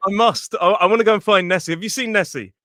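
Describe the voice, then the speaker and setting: A British man hosting an English-learning podcast, chatting casually and explaining vocabulary clearly. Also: sits high, fast, a bit bright, dry recording, clean studio sound. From England. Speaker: podcast host and English teacher. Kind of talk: casual educational podcast chat.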